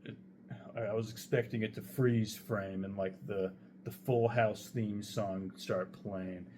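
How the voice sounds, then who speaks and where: A man's voice: lowish voice, steady tone, unhurried, noisy background. A young man casually telling a true story, rambling and swearing heavily as he goes. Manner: profane, rambling, heavy swearing.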